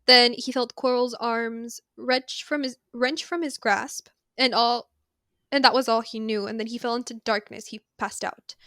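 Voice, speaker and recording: Bright, chatty woman recapping a book. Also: a little high, steady tone, no echo, clean studio sound. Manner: retells the story with slangy asides and quick impressions. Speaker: podcast co-host. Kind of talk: casual book recap chat.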